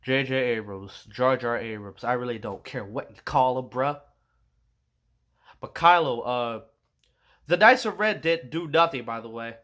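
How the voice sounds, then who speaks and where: A man's voice: medium pitch, a little slow, fairly bright tone. A young man ranting casually about a movie he saw, rambling with many fillers and slang and sounding exasperated. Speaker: movie reviewer.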